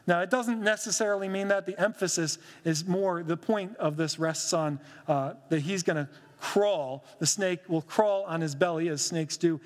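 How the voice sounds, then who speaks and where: A man's voice: a little high, big-room sound. A man, a pastor, giving a conversational sermon with humorous asides, reading scripture aloud.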